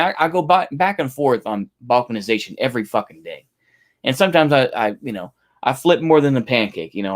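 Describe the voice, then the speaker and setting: A man giving heated, profane reaction commentary, incredulous and swearing often. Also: on the high side.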